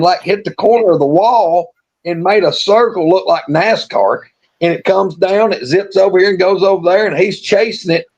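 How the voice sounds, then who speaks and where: A high-pitched man spins a folksy, rambling yarn on a live stream. He restarts often and chuckles through the story. The audio is dull and lo-fi. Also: darkish tone, slightly rough. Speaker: storytelling co-host.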